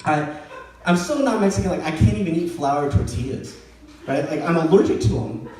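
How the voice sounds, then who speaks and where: A young man performing a stand-up comedy set, telling stories with animated delivery and acting out other people's lines in changing voices. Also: a little high, fairly quick, slight background noise. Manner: animated storytelling, acting out quotes in shifting voices. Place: comedy venue with live audience. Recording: very echoey room, voice far from mic.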